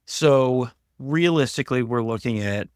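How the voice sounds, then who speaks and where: A man's voice: medium pitch, a little slow, a little mellow, clean tone, dry recording. A man co-hosting a sports podcast, wry and conversational. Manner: wry, dry humor, conversational. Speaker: podcast co-host. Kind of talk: casual sports podcast banter.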